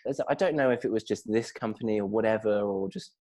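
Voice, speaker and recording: English man, podcast guest, deep voice, lively anecdotes with laughs. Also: fast. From England. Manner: animated storyteller, acts out quotes with laughter. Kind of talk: casual chat.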